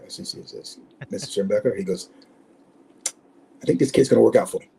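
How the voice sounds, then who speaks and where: A man in his sixties, a former football player, telling animated stories in an interview and acting out the people he quotes. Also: medium pitch, quick pace, creaky, pauses often, husky, rough recording. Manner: animated storyteller, acts out quoted voices. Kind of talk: storytelling interview.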